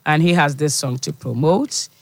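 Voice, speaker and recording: A man's voice: fairly high pitch, moderate pace, vocal fry, dry recording. A man with a Ghanaian accent hosting a live stream interview, talking casually and encouragingly, switching between English, pidgin and Twi.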